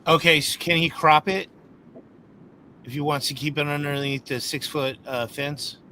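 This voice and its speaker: A man hosting a casual interview show, eagerly cheering his guest on with quick hyped affirmations. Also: on the high side, steady tone, pushed and bright, slight background noise. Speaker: host.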